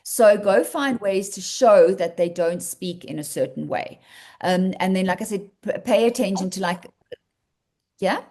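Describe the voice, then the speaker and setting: A woman's voice: mid-range voice, a little slow, a little mellow. A South African woman leading an online writing workshop, explaining patiently and encouragingly with plenty of fillers over a video call. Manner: explanatory, encouraging, thinks aloud with many fillers.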